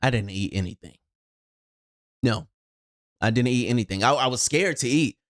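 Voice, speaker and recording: A video host telling a personal story in an expressive way, acting out their own reactions and swinging between loud outbursts and low asides, recorded in a home studio on a shotgun mic. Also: normal speed.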